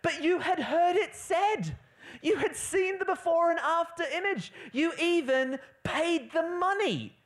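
Before a live congregation, a preacher with a very high voice gives a humorous and lively sermon at a measured pace, going quiet at moments to stress a point.

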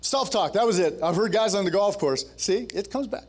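High-voiced man preaching fervently. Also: animated, fairly quick, a little hiss or hum. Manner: storytelling that builds to fervent, rousing exhortation; joking, conversational asides. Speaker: preacher at a men's ministry gathering. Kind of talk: sermon.

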